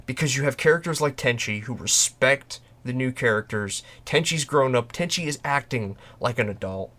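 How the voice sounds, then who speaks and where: Bright-voiced man arguing emphatically. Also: mid-range voice, normal speed. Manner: emphatic, argues a point with restarts. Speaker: podcast panelist. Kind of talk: casual podcast discussion.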